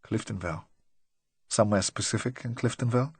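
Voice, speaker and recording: A man voicing a quiet, cold official who speaks in low, clipped remarks. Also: fairly quick, husky, dry recording. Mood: cool, quiet. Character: quiet, cold male official behind a desk.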